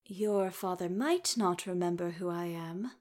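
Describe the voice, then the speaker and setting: Brief: soft-spoken formal elf man, read by a woman, halting, slow storybook delivery. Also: fairly low pitch, close to an everyday voice. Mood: earnest. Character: young male elf, gentle, formal, hesitant. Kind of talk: audiobook character reading.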